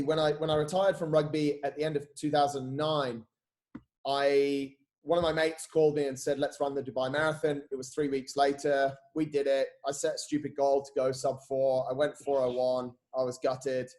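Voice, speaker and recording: Chatty man, a bit high-pitched. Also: normal speed. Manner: animated, swears freely, says "mate" a lot. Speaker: podcast guest, coach. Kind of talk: casual storytelling chat.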